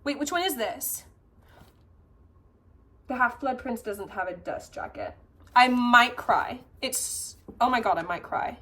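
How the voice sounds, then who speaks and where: Young woman, vlogger, casual chat, gushing, excitable, slightly high pitch. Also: measured pace, pauses often. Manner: gushing, excitable, swears, many fillers. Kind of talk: casual chat and book unboxing.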